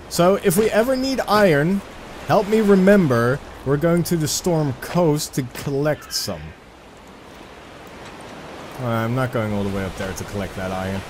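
Lively rambling male gamer. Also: a little high, slight background noise. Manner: rambling, self-deprecating, sudden excited outbursts. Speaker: let's play gamer. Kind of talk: casual gameplay commentary.

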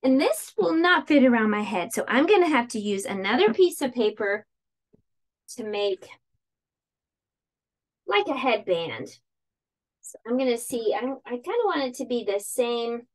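Lady teaching kids a craft then reading a story, chatty, kinda high voice, super lively. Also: measured pace, long pauses. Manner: chatty step-by-step instructions, animated storytelling. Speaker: teacher hosting a kids' summer camp channel. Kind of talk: craft lesson and picture-book read-aloud.

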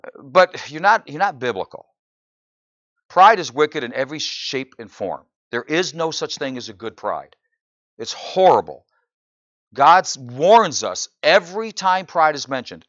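A pastor preaching a sermon in church, often asking the congregation "right?" and building to loud, incredulous exclamations. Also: male voice, on the high side, unhurried, no echo, lo-fi sound. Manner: animated preaching, frequent "right?" asides to the congregation.

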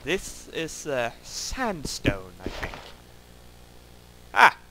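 A man's voice: mid-range voice, huge pitch swings, extremely slow, very noisy. A man giving wry, self-mocking commentary while playing a game, grumbling at it as he goes. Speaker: gameplay commentator. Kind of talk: let's play commentary.

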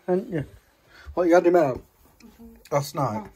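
In a home garden outdoors, a middle-aged father vlogs casually to camera at normal speed, with slight background noise. He's chatty and teasing with his kids and pets, swinging lively into a high sing-song voice for them.

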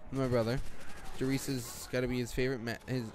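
A man's voice: medium pitch, little pitch movement, quick pace, darkish tone, slight background noise. A teenage boy giving rambling, jokey gameplay commentary late at night, swearing and jumping between topics. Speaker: gaming commentator.

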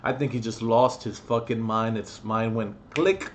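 A man's voice: medium pitch, steady tone, a little slow, slight background noise. A young man telling a story on his vlog in a blunt, rambling, profane way, with lots of fillers. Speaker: vlogger.

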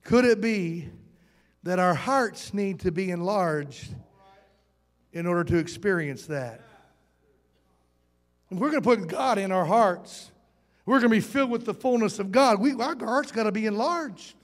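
Pastor, high voice, folksy and playful sermon delivery, long hall reverb. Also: male voice, animated, measured pace, pauses often. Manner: folksy, playful, rhetorical questions to the congregation.

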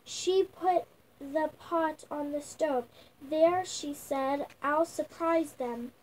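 Young girl, high voice, slow halting storybook read-aloud with restarts, faint room noise. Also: poor audio. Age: child. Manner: slow halting reading, sounding out words with restarts. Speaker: young reader. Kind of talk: reading a picture book aloud. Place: at home.

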